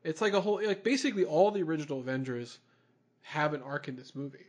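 A man co-hosting a casual movie review podcast, relaxed and chatty, laughing easily as he talks. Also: fairly high pitch, fast talker. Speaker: podcast co-host.

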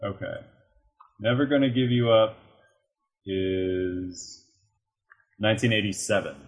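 An easygoing man co-hosting a casual podcast, rambling a little as he thinks aloud. His voice is low and husky. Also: takes it slowly. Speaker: podcast co-host.

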